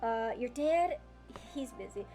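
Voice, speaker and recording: Bir kadının canlandırdığı telaşlı, şefkatli peri anne. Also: female voice, a little high, lively intonation, a little slow, warm tone, soft background music. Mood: fussing. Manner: bustling, rambling, motherly. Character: fussy, doting fairy mother, middle-aged.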